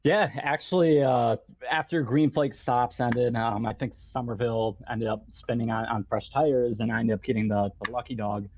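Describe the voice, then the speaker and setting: Man, racing driver, breathless chatty talk, middle pitch, dull lo-fi line, faint hiss. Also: steady tone, normal speed, few pauses, a little mellow. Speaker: racing driver, second place. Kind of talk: post-race interview.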